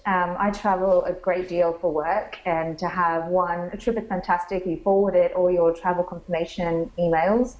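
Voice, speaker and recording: A woman's voice: fairly low pitch, steady tone, moderate pace, hardly any pauses, a little mellow, reverberant, rough recording. A woman founder answering interview questions in a friendly, explanatory way, with frequent ums and restarts. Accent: has an accent she remarks on. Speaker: startup founder, interview guest. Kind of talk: conference interview, casual business talk. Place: conference venue.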